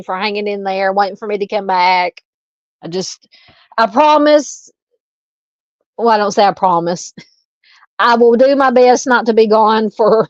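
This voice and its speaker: A woman's voice: medium pitch, no room sound, muffled recording. A woman with a Southern US accent hosting a true-crime live stream, chatting casually and reading out viewer comments. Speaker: livestream host.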